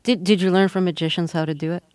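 A woman hosting a radio interview in a studio, asking questions in a calm, measured way. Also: lowish voice, no room sound.

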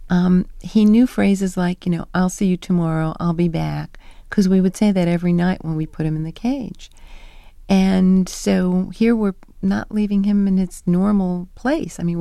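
A middle-aged woman being interviewed, telling animated stories and acting out quoted lines. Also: lowish voice, moderate pace, vocal fry, dry recording, clean studio sound. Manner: animated storyteller who acts out quoted lines. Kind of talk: conversational interview.

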